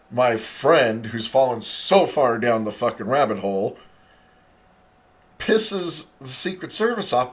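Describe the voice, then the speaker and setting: A middle-aged man hosting a podcast, telling a rambling, profane story in a casual monologue. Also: mid-range voice.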